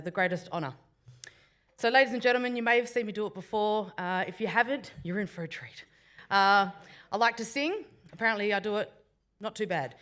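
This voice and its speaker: A woman with an Australian accent giving a Welcome to Country speech to a breakfast crowd, joking with the room between formal thanks. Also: mid-range voice. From Western Australia. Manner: warm, playful crowd banter. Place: event room before a breakfast audience.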